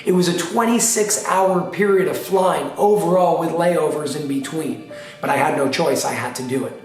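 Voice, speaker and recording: A man's voice: a little high, normal speed, recorded from a distance. A man telling a personal story in an emphatic, dramatic way, repeating phrases for effect. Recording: very echoey room, off-mic, faint music.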